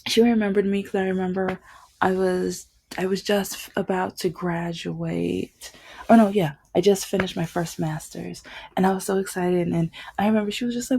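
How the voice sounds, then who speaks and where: A woman's voice: mid-range voice, fairly even intonation, moderate pace, gravelly, mellow, slightly rough. A woman vlogging in a casual, rambling monologue full of fillers and restarts.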